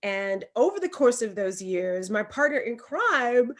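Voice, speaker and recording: A woman from Alabama with a Southern accent, co-hosting a podcast and telling stories in an emphatic, animated way. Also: on the high side, a little slow. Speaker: podcast co-host. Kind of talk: casual conversation.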